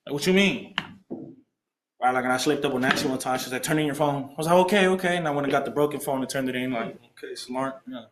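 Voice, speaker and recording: Racing along with few pauses, a young alumni speaker with a medium-pitched voice tells a group his recovery story in streetwise slang. He animatedly acts out the voices he quotes, and the echoey meeting room recording has a noisy background.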